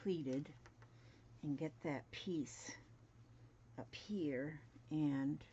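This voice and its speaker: Slow, low-voiced woman in her seventies. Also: dark tone. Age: 70s. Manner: chatty, mutters to herself while working. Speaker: crafting vlogger. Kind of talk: casual sewing demonstration. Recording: dull lo-fi home recording, faint noise.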